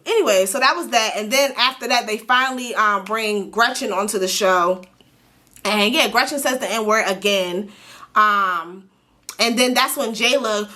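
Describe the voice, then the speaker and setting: A woman recapping a reality show episode in a blunt, slangy, animated way, talking straight to her viewers. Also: fairly high pitch. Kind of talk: casual recap commentary.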